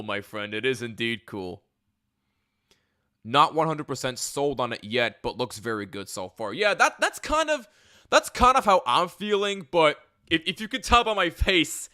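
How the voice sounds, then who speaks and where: A man hosting a podcast, giving an excited live reaction, laughing often and restarting his sentences. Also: a little high. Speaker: podcast host reacting to a trailer.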